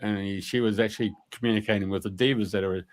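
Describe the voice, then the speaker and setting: A man's voice: on the low side, fairly even intonation, fast. A man telling a rambling anecdote on a radio talk show, colloquial and full of fillers. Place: radio studio.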